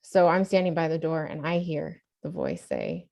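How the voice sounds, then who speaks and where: A woman's voice: low voice, wildly swooping pitch, moderate pace, vocal fry, mellow. A woman podcast host in casual chat, reflective and often trailing off with fillers. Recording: dull lo-fi sound.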